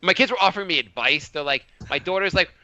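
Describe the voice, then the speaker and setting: A man on a podcast with a high, very bright voice, telling stories with big swings in pitch and acting out what others said. The sound is dry and a little muffled. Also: quick pace, no room sound. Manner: animated storytelling with voiced quotes. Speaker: podcast co-host. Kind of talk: casual chat.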